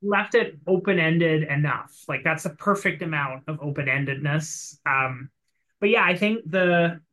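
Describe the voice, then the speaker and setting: A man with a bright, somewhat high voice chats casually about a comic he read. He rambles and piles up fillers, acting out little quoted lines as he goes. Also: unhurried, rough recording.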